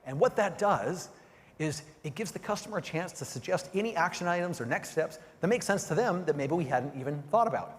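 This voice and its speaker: A middle-aged man giving an energetic keynote on sales, often checking in with the audience by asking "right?" and "okay?". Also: fairly high pitch, brisk. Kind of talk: motivational keynote presentation. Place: large conference hall. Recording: long hall reverb.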